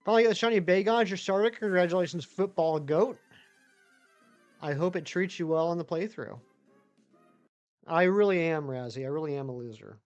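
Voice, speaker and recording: A man's voice: fairly high pitch, brisk, pauses often, a little mellow, muffled recording, faint music behind. A man live-streaming who chats loosely with viewers, reads their messages aloud and rambles with many restarts. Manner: rambling, chatty, reads chat aloud and answers it. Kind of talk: casual live-stream chat.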